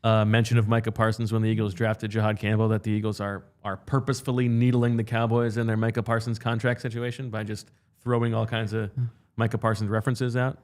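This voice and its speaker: A man's voice: fairly low pitch, level tone, fast, darkish tone. Wry male podcast co-host. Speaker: sports reporter co-host. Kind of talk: casual podcast chat.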